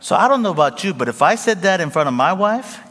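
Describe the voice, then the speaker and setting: A man preaching a sermon as pastor, moving between quiet prayer and lively, joking Bible teaching. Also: high voice, fast, slight background noise. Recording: long hall reverb.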